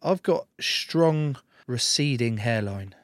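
Joking rugby player, dry sound. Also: male voice, medium pitch, expressive, slow pace, no echo. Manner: jokey storyteller, swears, acts out quotes. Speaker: professional rugby player, guest. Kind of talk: casual interview chat.

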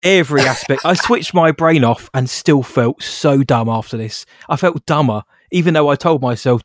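A man co-hosting a casual film review podcast, animated and sarcastic, laughing as he talks. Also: mid-range voice, normal speed, hardly any pauses, no echo, studio quality.

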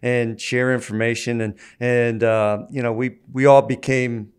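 A man in an interview, answering in a measured, businesslike way with small fillers. His voice is smooth and resonant, pitched in the middle. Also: little pitch movement. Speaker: association chairman, guest.

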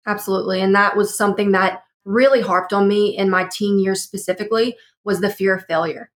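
A woman's voice: medium pitch, fairly even intonation, a little fast. A young woman guest on a panel, earnestly reflecting on her own teenage experience. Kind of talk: personal testimony in a panel discussion.

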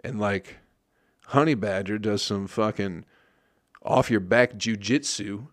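A man's voice: on the low side, slow pace, dry recording, clean studio sound. A comedian hosting his podcast, talking in a rambling casual monologue and swearing a lot. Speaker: stand-up comedian and podcast host.

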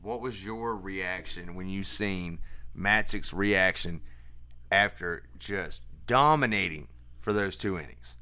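A man's voice: deep voice, slow, sharp tone. A man co-hosting a casual sports podcast, chatty and hesitant, with frequent fillers. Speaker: podcast co-host.

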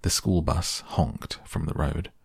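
A man reading a children's novel aloud as a calm bedtime audiobook, with a gravelly, husky voice. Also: extremely low pitch, slow pace, dry recording. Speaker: audiobook narrator.

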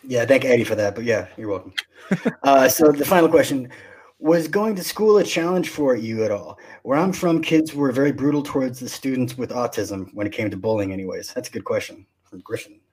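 A man's voice: medium pitch, lively intonation, a little fast, a little mellow, slight background noise. A man co-hosting a podcast, teasing and wisecracking as he reads questions. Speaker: podcast co-host. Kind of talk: joking podcast banter.

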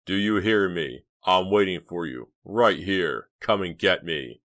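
Man voicing a slow-talking mocking teen prankster. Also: low voice, a bit bright, no echo, clean studio sound. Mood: taunting. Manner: slow, drawn-out menacing delivery. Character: teenage boy prankster, reckless and mocking. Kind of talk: audiobook character voice.

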